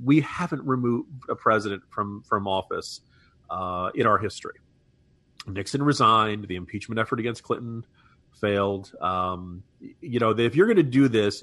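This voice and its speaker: This man co-hosts a political talk podcast, trading wry remarks in casual chat and frequently laughing at his own jokes. His voice is medium-pitched and fairly bright, recorded with no room sound.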